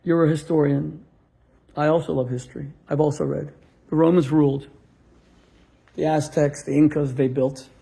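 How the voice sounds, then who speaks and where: A man's voice: on the high side, fairly even intonation, moderate pace, gravelly, long pauses, dark tone. A middle-aged male rabbi telling a story in a sermon, acting out both sides of a conversation and landing punchlines. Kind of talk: storytelling sermon to a live audience.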